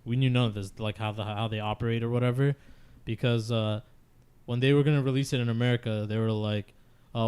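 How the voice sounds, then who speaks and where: Guy on a gaming podcast, middle pitch, says like a lot, swears casually, super frank. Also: fairly quick, a little mellow, clean tone. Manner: loose and frank, heavy on filler words, swears casually.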